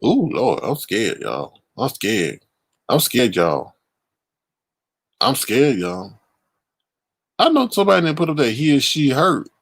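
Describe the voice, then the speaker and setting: A man hosting a live stream, reacting theatrically with drawn-out exclamations and chatting to viewers. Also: medium pitch, huge pitch swings, slightly rough, no echo. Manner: theatrical, reacts loudly with drawn-out ooh and scared cries. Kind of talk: casual live-stream commentary.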